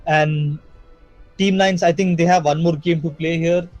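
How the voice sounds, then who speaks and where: A man's voice: a little high, unhurried, no echo, lo-fi sound. Upbeat male esports caster over game music. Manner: energetic, filler-heavy play-by-play with frequent "you know". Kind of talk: live game commentary.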